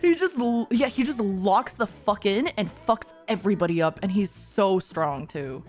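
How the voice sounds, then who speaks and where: A woman's voice: mid-range voice, animated, normal speed, darkish tone, soft background music. Gushing, giggly streamer woman with swearing. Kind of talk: casual chat while reacting to a show.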